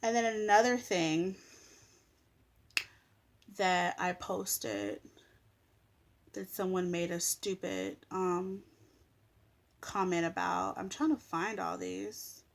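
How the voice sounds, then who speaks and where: On her vlog, a young woman with a lowish, creaky voice rants slowly with long pauses. She is blunt and sassy, swearing freely as she complains about people telling her what to eat.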